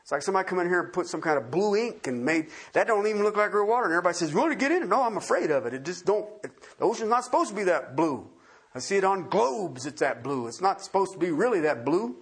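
A man's voice: high voice, very animated, a little fast, a bit bright, husky. A man preaching a sermon in a folksy, emphatic way, firing off rhetorical questions and repeating key words.

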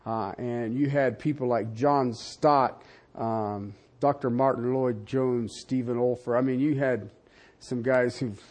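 An older man preaching a sermon, animated and conversational, with frequent asides to the congregation. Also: takes it slowly. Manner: animated preaching with wide swings in pitch and loudness, asides to the audience. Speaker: pastor.

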